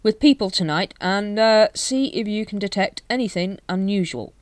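A woman's voice: medium pitch, expressive, moderate pace, dry recording, pitched above the performer's own voice, close to an everyday voice. A woman doing a weary, harassed watch captain. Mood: exasperated. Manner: clipped and exasperated.

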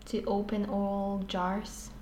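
A woman's voice: medium pitch, monotone, slow pace, a little mellow, slight background noise. A woman chatting casually as a guest, in a medium, ordinary voice. She swears freely and mocks herself with a dry, joking edge. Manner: swears freely, jokey and self-mocking. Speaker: podcast guest. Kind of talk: casual chat.

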